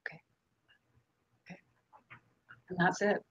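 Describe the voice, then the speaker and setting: A woman's voice: a little slow, a bit bright, lo-fi sound. A Canadian woman hosting a live channeling session, reading viewer questions aloud in a casual, unfiltered way. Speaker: host.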